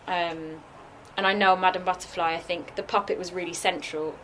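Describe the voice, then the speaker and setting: A woman's voice: fairly low pitch, fairly even intonation, normal speed, fairly bright tone. A woman, a guest puppeteer in a casual Q&A, chatty with many likes and fillers. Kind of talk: casual Q&A talk. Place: festival workshop room. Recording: noisy live room recording.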